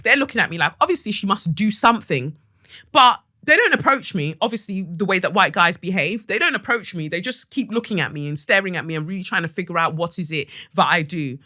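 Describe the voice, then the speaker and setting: A woman hosting a podcast and telling a story in a casual, animated, sarcastic way. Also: fairly low pitch, no echo, clean studio sound. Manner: animated and sarcastic, with acted-out quotes. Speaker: podcast host.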